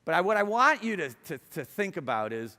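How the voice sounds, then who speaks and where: A middle-aged man from Ohio telling a personal story to an audience, wry, moving between quiet reflection and lively, amused telling. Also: high voice, fairly quick. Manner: wry, swings from hushed to lively. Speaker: speaker. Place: university hall. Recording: hall with long reverb.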